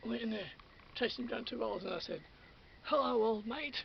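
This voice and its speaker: A man's voice: high-pitched, quick pace, creaky, muffled recording, slight background noise. A man with an Australian accent rambling through an everyday story in a casual monologue, repeating and restarting, getting indignant. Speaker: channel host.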